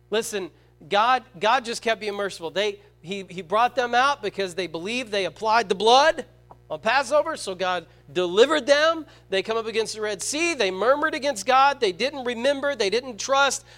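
A man preaching a sermon to a congregation, asking the crowd rhetorical questions and swinging between loud emphatic stresses and quiet, slow scripture reading. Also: sits high.

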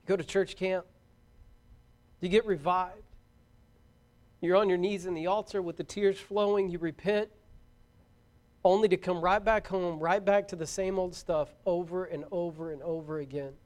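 A man with a very high-pitched voice preaches a fervent sermon. He is middle-aged and calls out his exhortations to his young listeners. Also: steady tone, moderate pace, long pauses, darkish tone.

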